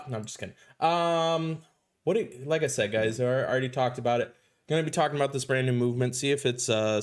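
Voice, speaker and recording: A man hosting a casual game live stream, upbeat and chatty as he greets viewers by name. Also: a little high.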